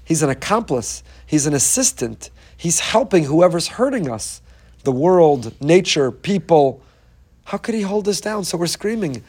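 A man's voice: on the high side, very animated, measured pace, darkish tone, breathy edge. A man giving an inspirational Torah talk, telling stories earnestly and emphatically, often repeating phrases for weight. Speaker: Torah teacher.

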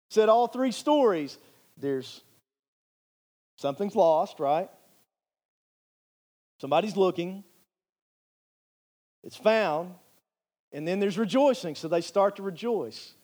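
A man's voice: sits high, darkish tone. A male pastor preaching a sermon in an earnest, emphatic way, repeating phrases for emphasis.

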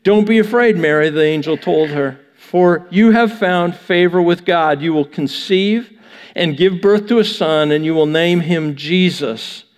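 A man's voice: a little high, a little slow, clean tone, big-room sound. A man preaching a sermon, reading scripture aloud and then riffing on it in a conversational, joking way. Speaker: pastor.

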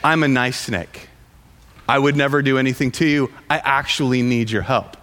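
Coaxing male cobra , told by a male storyteller; everyday mid-pitched voice, hall reverb. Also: normal speed, a bit bright, close to an everyday voice. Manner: pleading, coaxing. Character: smooth-talking magic king cobra, male.

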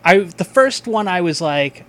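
A man hosting a podcast, chatting casually and reading sponsor spots in a loose, profane, excitable way. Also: high-pitched, measured pace. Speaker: podcast host.

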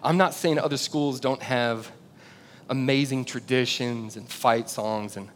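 A male pastor giving a sermon, telling a story with big swings from loud shouts to low, quiet emphasis. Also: unhurried. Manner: animated storytelling, builds to shouts then drops low and intimate. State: out of breath. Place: church auditorium. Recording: long hall reverb, faint rumble.

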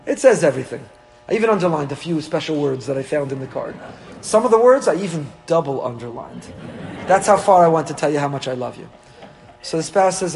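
A man, a rabbi, teaching a weekly Torah class in an animated way, acting out little dialogues with humor. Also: fairly high pitch, fast talker. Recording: long hall reverb.

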